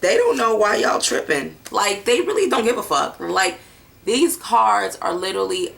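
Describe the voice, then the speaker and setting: A woman's voice: medium pitch, very animated, normal speed, vocal fry, fairly bright tone. A woman doing a casual tarot reading, talking bluntly and loosely with plenty of fillers and some swearing. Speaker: tarot card reader.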